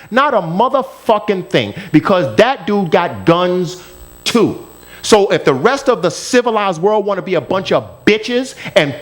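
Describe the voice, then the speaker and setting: A man from the United States, co-hosting a radio show and ranting angrily with heavy profanity. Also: high voice. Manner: angry, profane, emphatic ranting. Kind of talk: heated talk radio rant.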